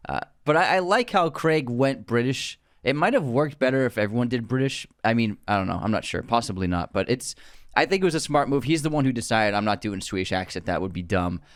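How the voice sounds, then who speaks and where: A man's voice: medium pitch, lively intonation, fairly quick, dry recording, studio quality. A man co-hosting a film podcast, chatting casually about a movie and often restarting his sentences. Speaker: podcast co-host.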